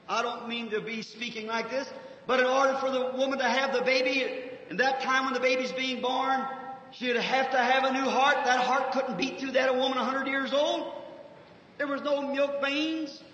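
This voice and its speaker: A man preaching a fervent, folksy revival sermon, shifting from soft asides to shouts, on a 1950s archive recording with faint hiss. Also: extremely high pitch, steady tone, moderate pace, reverberant, big-room sound, dull audio.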